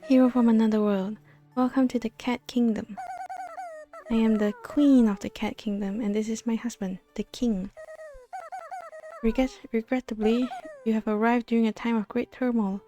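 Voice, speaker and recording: A woman's voice: a little high, steady tone, normal speed, dark tone, faint music behind, close to an everyday voice. Woman reading as a pleading cat queen. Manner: formal, pleading. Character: gracious cat queen, worried mother.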